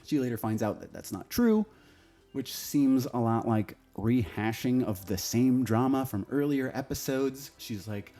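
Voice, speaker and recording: A man talks through a casual review in a blunt, opinionated way and swears without a second thought. His voice is warm and mellow, at an ordinary middle pitch. Faint music plays behind him. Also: animated, measured pace. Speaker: TV show reviewer.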